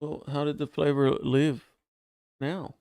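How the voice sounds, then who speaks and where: A man's voice: on the high side, level tone, takes it slowly, creaky, dark tone, clear, resonant tone, no room sound. A man co-hosting a podcast, asking wry questions and reading verses aloud in casual chat. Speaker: podcast co-host.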